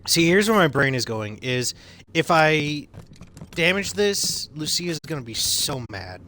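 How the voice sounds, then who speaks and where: A man streaming a game live, commenting excitedly and swearing often. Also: on the high side, measured pace. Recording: noisy stream audio.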